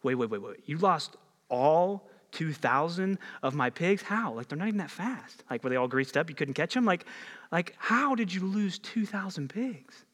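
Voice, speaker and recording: An exasperated pig owner, as a man puts him on fires off disbelieving questions in casual slang. His voice sits a little high, and a long hall reverb trails behind it. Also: animated, moderate pace, fairly bright tone. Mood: incredulous.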